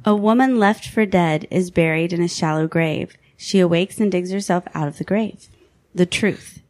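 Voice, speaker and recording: A woman's voice: lowish voice, moderate pace, no room sound. A woman hosting a podcast, reading list entries between casual chat. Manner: steady reading voice, laughs between items.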